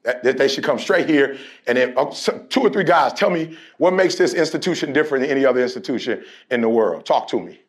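Using a mid-range voice, a motivational speaker fires up a college sports team with a sermon-like pep talk. He tells stories playfully, performing both sides of conversations, and drives an emphatic rhythm into call-and-response chants that build to shouting.

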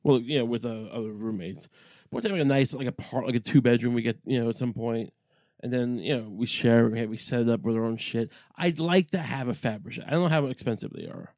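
A man's voice: medium pitch, fast, a little mellow, no echo. A man hosting a casual monologue, rambling with lots of swearing and working himself up into rants. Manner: profane, rambling, gets worked up into ranting.

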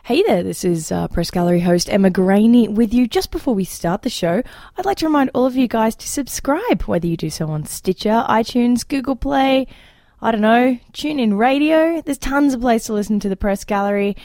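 A woman's voice: on the high side, animated, moderate pace, dark tone, no room sound. Young woman hosting a podcast, chatty and self-deprecating, laughs a lot, dry close mic. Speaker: podcast host. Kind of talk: casual panel chat.

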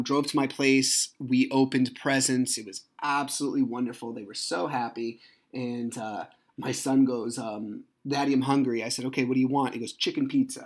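Animated man telling a personal story. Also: medium pitch. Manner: animated, acts out quoted dialogue with sudden loud jumps. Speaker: podcast host. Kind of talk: casual storytelling monologue.

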